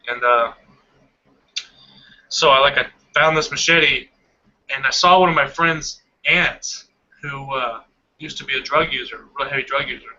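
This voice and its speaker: Bright-voiced young man telling a story. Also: medium pitch, normal speed, pauses often, lo-fi sound. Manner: animated storytelling, laughs often. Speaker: hangout participant. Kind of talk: casual chat.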